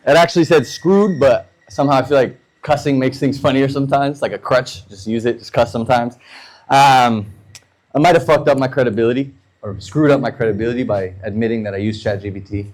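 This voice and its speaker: An American stand-up comedian in his thirties tells loose, profane stories during his set, briefly doing voices for the characters. His voice sits in the mid-range, and the recording quality is low.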